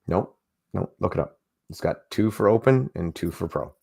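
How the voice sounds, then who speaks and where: A man's voice: sits low, expressive, moderate pace, creaky, a little mellow, husky. A man co-hosting a fitness podcast in casual, opinionated chat. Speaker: podcast co-host.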